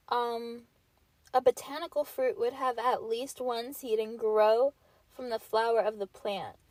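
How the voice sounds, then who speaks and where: A woman's voice: a little high, dry recording. A young woman hosting a solo podcast, chatting casually and rambling with constant filler words, her voice a bit stuffy and sniffly from a cold. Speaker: podcast host.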